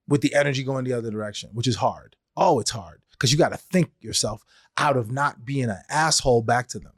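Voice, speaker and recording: A man's voice: mid-range voice, dry recording, clean studio sound. A man hosting a podcast, talking through his thoughts in a conversational way and acting out little exchanges as he tells them. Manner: conversational, acts out quoted exchanges in changing voices. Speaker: podcast host. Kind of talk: solo podcast monologue.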